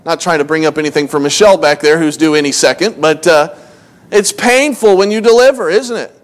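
A man's voice: a little high, fairly quick. A man preaching a conversational sermon, telling family stories with self-mocking asides, restarting phrases, and reading scripture in old-fashioned wording. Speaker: pastor.

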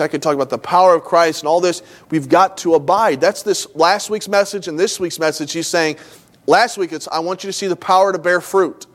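A middle-aged man preaching a sermon, telling a story about himself and acting out both sides of the dialogue in an animated way. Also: a little high. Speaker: pastor. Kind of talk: sermon with acted illustrations.

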